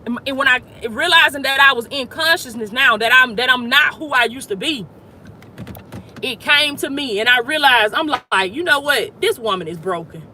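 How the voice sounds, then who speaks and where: Emphatic high-voiced woman coaching outdoors. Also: moderate pace, bright, forceful tone, a little hiss or hum. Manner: emphatic, repetitive preaching cadence. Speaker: life coach. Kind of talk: motivational talk.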